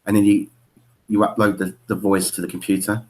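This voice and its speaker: Fast-talking man, eager and stumbling. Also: on the low side, level tone, a little mellow. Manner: enthusiastic, stumbling restarts. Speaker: caller on a live video stream. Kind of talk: casual chat. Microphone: video call.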